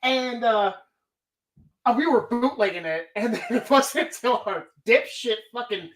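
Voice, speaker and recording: A woman's voice: fairly high pitch, lively intonation, measured pace. A woman hosting a live stream, talking casually in a rambling, profane way. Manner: rambling, heavy swearing. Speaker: streamer host.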